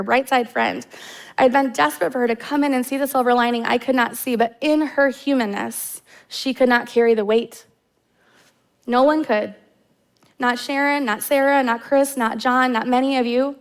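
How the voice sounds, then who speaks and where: Woman in her 30s, Midwestern American accent, preaching from the stage, heartfelt and storytelling, slightly higher voice. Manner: heartfelt storytelling with casual fillers. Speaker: guest preacher. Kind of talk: personal sermon. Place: church stage.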